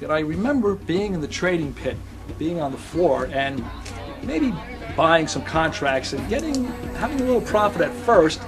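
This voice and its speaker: Casting: middle-aged man, slightly high voice, reflective storyteller. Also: big pitch swings, moderate pace, over music. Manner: reflective, grows soft and quiet. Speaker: actor. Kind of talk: personal storytelling monologue.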